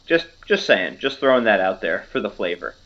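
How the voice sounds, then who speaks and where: A man narrating a tabletop game as game master, relaxed and joking, with hesitant fillers. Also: moderate pace. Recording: muffled low-fidelity audio.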